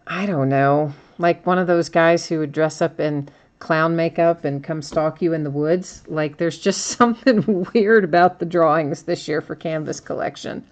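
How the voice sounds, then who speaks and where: Chatty low-voiced woman hosting a card break. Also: steady tone, normal speed, hardly any pauses, darkish tone. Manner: chatty, laughs often, reads out cards and chat. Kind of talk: live stream card break commentary.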